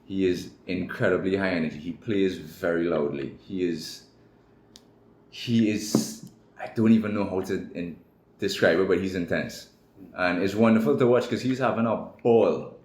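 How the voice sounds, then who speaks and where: A man's voice: low-pitched, moderate pace, a little mellow. A man with a Trinidadian accent, a guest telling his personal story candidly in an interview. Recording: echoey room with faint noise.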